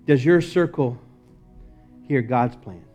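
A male pastor preaching a sermon in a church, moving from loud emphatic lines to low, quiet ones. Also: slow pace, faint music behind. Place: church sanctuary.

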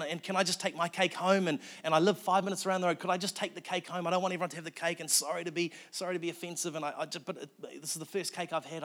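A woman's voice: on the low side, pitched above the performer's own voice, close to an everyday voice. A man voicing a distraught woman, pleading in a breathless rush of apologies to keep her birthday cake.

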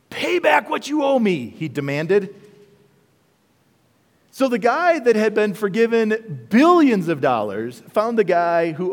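A male pastor preaching a sermon, animated and full of rhetorical questions to the congregation. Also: sits high. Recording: long reverb of a large hall.

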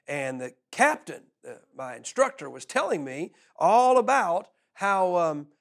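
Animated, high-pitched pastor. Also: male voice, a little slow, vocal fry. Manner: animated storyteller, laughs often, repeats words. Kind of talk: sermon.

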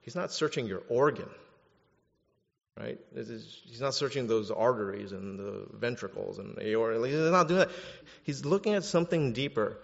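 A man preaching a sermon as pastor, animated and jokey, swinging from quiet asides to loud bursts. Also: medium pitch, moderate pace, vocal fry. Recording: dull sound in a reverberant hall.

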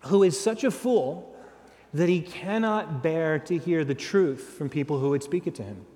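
A man's voice: a little high, lively intonation, normal speed, dark tone. A man preaching a sermon as a dramatic storyteller who acts out the lines of the people he describes. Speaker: guest preacher. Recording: long hall reverb.

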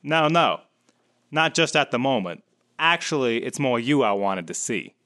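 Man w a bright tense voice stumbling thru improv lines, flustered. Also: medium pitch, animated, measured pace. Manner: flustered, self-deprecating. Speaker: improv performer. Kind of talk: comedic scene reading.

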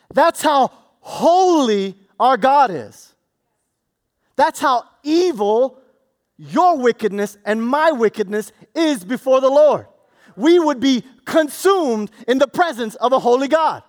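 A man preaching a sermon, swinging from loud, excited delivery to hushed, low passages. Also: slow pace. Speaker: pastor.

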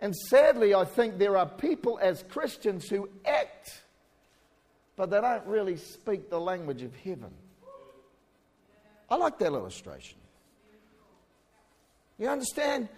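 A man from New Zealand with a New Zealand accent, preaching a sermon in a conversational way with joking asides and shouted emphasis. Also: high voice, very animated, a little slow, pauses often. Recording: hall reverb.

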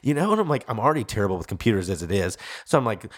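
A man in his thirties on a casual podcast, telling exasperated stories with lots of swearing, his voice jumping up high when he quotes himself. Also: lively intonation, rapid-fire, breathy edge. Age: 30s. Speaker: podcast co-host. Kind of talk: casual chat.

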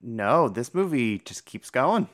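A woman co-hosting a podcast, chatting casually about a movie in a relaxed way, often agreeing with short replies. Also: a bass voice. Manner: relaxed, quick backchannel agreement. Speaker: podcast co-host. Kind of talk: casual chat reviewing a movie.

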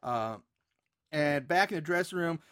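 A man's voice: a little high, expressive, measured pace, a bit bright, clean tone. A man in casual podcast chat, recapping a film in a rambling way with many fillers and restarts. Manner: rambling, filler-heavy retelling with frequent restarts. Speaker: podcast co-host.

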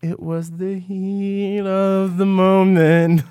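A man's voice: little pitch movement, extremely slow, mellow, smooth. A man co-hosting a casual podcast, recapping a TV episode with lots of stammering restarts and swearing. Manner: rambling, stammering restarts, swearing, acts out quotes in a high voice. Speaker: podcast co-host.

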